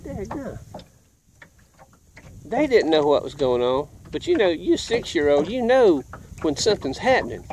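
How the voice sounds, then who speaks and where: A man's voice: fairly high pitch, darkish tone, a little hiss or hum. A middle-aged man telling a folksy childhood story while fishing outdoors, acting out voices and sound effects. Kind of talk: casual storytelling.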